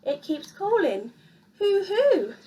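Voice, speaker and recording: Woman doing a timid little boy mouse, pleading, squeaky high voice, bouncy storybook reading, from afar. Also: sing-song, slow, dark tone, far from the mic, exaggerated voice. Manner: pleading, worried. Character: small anxious young male mouse.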